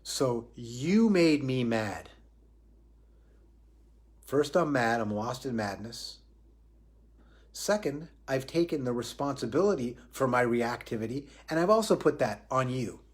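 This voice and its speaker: A man's voice: medium pitch, expressive, moderate pace. Reflective man giving a spiritual talk. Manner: reflective, repeats and restarts phrases, asks himself questions. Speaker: spiritual teacher. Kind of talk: Facebook Live spiritual talk.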